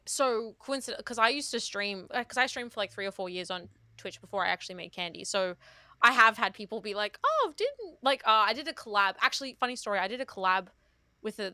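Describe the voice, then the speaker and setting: A woman's voice: fairly high pitch, pushed and bright, smooth, no room sound, studio quality. A young Australian woman with an Australian accent, chatting casually as a guest, rambling and self-deprecating with frequent laughs. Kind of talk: casual chat.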